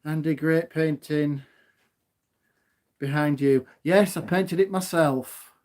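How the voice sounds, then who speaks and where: A loud, gobby man chats on a live stream from his phone at home, laughing as he goes. His voice sits fairly high for a man, and he takes his time over the words. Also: takes it slowly. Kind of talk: casual live stream chat.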